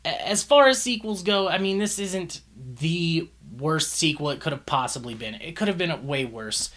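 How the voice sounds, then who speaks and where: A man's voice: on the high side, lively intonation, moderate pace, fairly bright tone. A man giving a casual, profane movie review, exasperated and ranting, swearing often.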